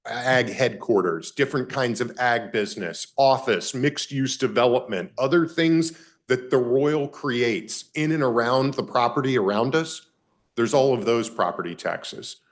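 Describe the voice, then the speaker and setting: A man at an average pitch presents a project to county officials in a government meeting chamber. He speaks formally and stacks his points in repeated lists, running through revenue figures one by one. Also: lively intonation, a little slow.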